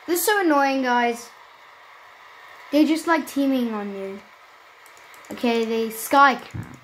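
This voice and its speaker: Woman gamer host, high voice, excitable and chatty running commentary. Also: takes it slowly, slight background noise, poor audio. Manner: excitable, chatty, talks to viewers. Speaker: gaming channel host. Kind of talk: casual gameplay commentary.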